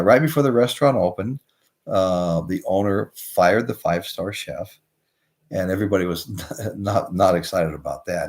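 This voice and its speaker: A man's voice: sits low, darkish tone. An older man hosting a live show, chatting casually, telling rambling stories and reading out viewer comments. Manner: rambling storyteller, drifts off topic. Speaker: host of a live music show.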